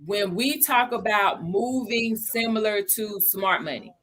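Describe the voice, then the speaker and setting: A crypto educator hosts a livestream lesson for beginners in a mid-range, slightly bright voice, speaking a little slowly. She keeps it casual, greeting viewers by name between points, repeating key figures and checking that everyone is following.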